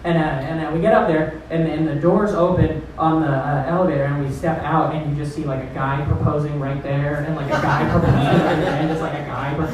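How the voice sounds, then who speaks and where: A man's voice: fairly high pitch, fairly even intonation, fairly quick, hardly any pauses. A man hosting a stand-up comedy show, telling a loose, profane, rambling story to the crowd. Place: comedy club stage. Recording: roomy, distant club recording.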